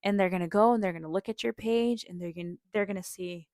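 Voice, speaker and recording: A young woman talks through a personal story on her podcast in an open, emotional way, often breaking into a light laugh. Her speech is loose and chatty, with lots of "like" and "um". Her voice sits at an ordinary pitch for a woman and sounds close and dry. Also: quick pace, darkish tone, no room sound. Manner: chatty, with many "like" and "um" fillers and frequent small laughs; earnest and openly emotional. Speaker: podcast host.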